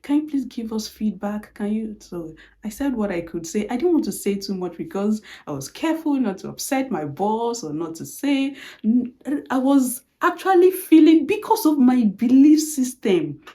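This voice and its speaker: A woman's voice: a little high, moderate pace. A woman telling a personal story in a motivational talk, acting out the lines of the people she quotes. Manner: animated storytelling, acts out quoted dialogue. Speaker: motivational speaker.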